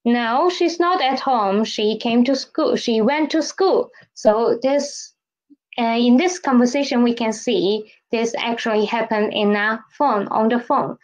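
A woman teaching a Mandarin lesson in English, explaining slowly and repeating key phrases with "okay?". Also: on the high side, low-quality recording. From Philippines. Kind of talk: language lesson.

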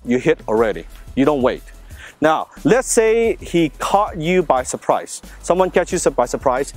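A man's voice: a little high, very animated, unhurried, soft background music. Man coaching a self-defence demo. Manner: gives direct instructions to a partner while demonstrating. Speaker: martial arts instructor. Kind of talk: hands-on self-defence demonstration.

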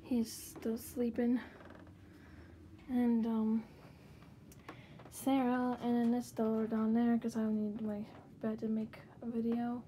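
A woman's voice: a little high, monotone, slow, mellow, slight background noise. A woman casually showing her doll collection in her bedroom, chatty and rambling with frequent fillers. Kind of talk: casual room tour vlog.

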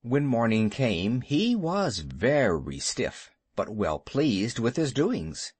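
Man, audiobook narrator, expressive storybook narration, lively pitch, dry recording. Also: slow, hardly any pauses, husky, dry recording.

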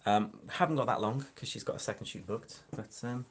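A male hypnotist hosts a casual live stream recorded on a phone camera in a flat indoor space, chatting and making joking asides to viewers. His voice is lowish, a little fast, with a breathy edge.

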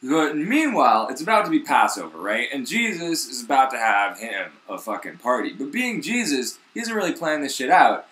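A man's voice: mid-range voice, very animated, moderate pace, pushed and bright, echoey room. A young man, the host, retelling a story in rambling, slangy casual talk full of swearing.

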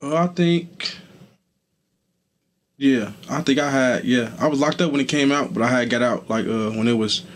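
In a casual street interview, a young man who is a guest chats in a laid-back, loose way, filling his speech with phrases like "you feel me." His voice is mid-range at a normal speed.

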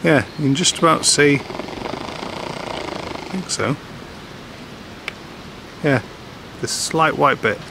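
A man's voice: fairly high pitch, takes it slowly, vocal fry, long pauses. Chatty man vlogging outdoors. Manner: chatty, self-deprecating, lots of ums. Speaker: expat vlogger. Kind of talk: casual rambling chat to camera. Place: outdoors in a village. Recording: outdoor noise with passing traffic.

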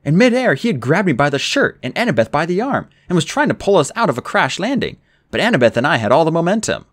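Lively male audiobook narrator. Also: a little high, fast talker, no echo. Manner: expressive, dramatic reading with raised character lines. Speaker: audiobook reader. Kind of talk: storybook reading, first-person narration.

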